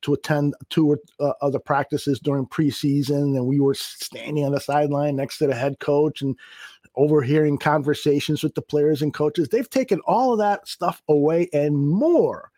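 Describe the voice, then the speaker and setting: A man's voice: fairly high pitch, normal speed, dark tone, no echo, studio quality. A man co-hosting a casual sports podcast, swearing freely, exasperated and often laughing. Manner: profane, exasperated, laughs a lot. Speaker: podcast co-host.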